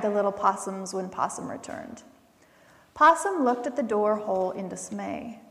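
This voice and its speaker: Woman reading a story to children, gravelly. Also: mid-range voice, unhurried. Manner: warm, gentle, speaks to children. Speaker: pastor leading children's time. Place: church sanctuary. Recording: long church reverb.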